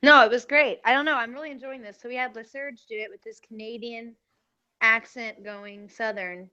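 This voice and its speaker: A chatty woman co-hosting a relaxed conversation. Her voice sits fairly high, and she sounds upbeat and laughs easily. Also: normal speed, clean tone, muffled recording. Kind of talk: casual chat.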